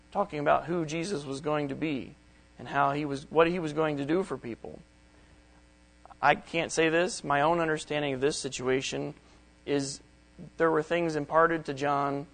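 A man's voice: a little high, creaky, a bit bright, rough recording. A middle-aged man preaching a Bible study sermon, reading verses aloud and explaining them plainly. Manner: reads scripture aloud, then explains it in plain words.

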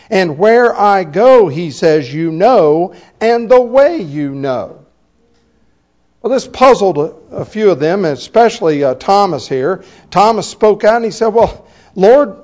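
A man preaching a sermon, reading scripture and slowing down to stress the quoted words. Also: sits high, a little mellow. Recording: dull lo-fi recording.

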